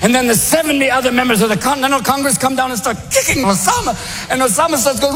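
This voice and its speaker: A man doing stand-up comedy, swinging between deep mock-solemn voices and high excited yelps. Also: quick pace, in a large hall, soft background music. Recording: live club recording with audience noise.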